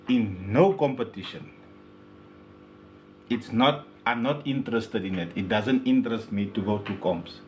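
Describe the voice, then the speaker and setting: Workshop owner, man, mid-range voice, loose slangy delivery, clears his throat a lot, faint background noise. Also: mid-range voice. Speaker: speaker repair shop owner. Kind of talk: casual workshop talk to camera. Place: speaker repair workshop.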